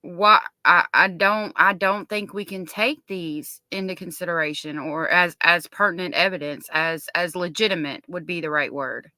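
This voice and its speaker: A woman with a bright, sharp voice makes a point in casual chat. She restarts often as she hunts for the right words. The sound is dry and close. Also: fairly low pitch, steady tone, moderate pace, few pauses, no room sound. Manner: hesitant, restarts often while searching for words.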